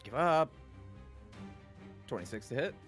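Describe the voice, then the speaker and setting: A man's voice: medium pitch, expressive, unhurried, a bit bright, soft background music. A man playing a tabletop game, speaking briefly and matter-of-factly. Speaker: player. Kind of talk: casual chat at a tabletop game.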